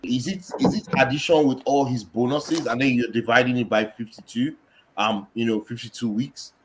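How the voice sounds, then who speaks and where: A man co-hosting a casual football podcast, explaining in a measured way with frequent fillers. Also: medium pitch, fairly even intonation, a little hiss or hum, low-quality recording. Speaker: podcast co-host.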